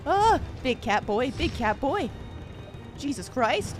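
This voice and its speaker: A young woman streaming a video game live, excitable, shrieking and yelling when things get tense. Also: high-pitched, takes it slowly. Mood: panicked. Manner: excitable, shrieks and yells under pressure. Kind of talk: live gameplay commentary. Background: game music.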